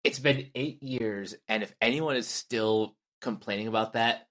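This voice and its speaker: A man's voice: medium pitch, a little slow, few pauses, a bit bright. A man co-hosting a casual pop culture podcast, wry and a little rambling. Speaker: podcast co-host.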